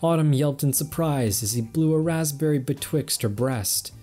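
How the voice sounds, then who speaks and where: Mellow-voiced man reading a story. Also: on the high side, normal speed, faint music behind. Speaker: story reader. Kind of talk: fan fiction reading.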